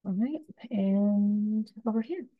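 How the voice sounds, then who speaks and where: A woman giving a gentle, unhurried step-by-step painting lesson as the instructor. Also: medium pitch, phone-quality sound.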